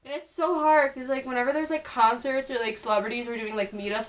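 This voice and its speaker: A woman's voice: high voice, brisk, hardly any pauses, low-quality recording. A young woman from upstate New York with a New York accent, chatting casually on her video with lots of fillers. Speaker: vlogger. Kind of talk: casual chat.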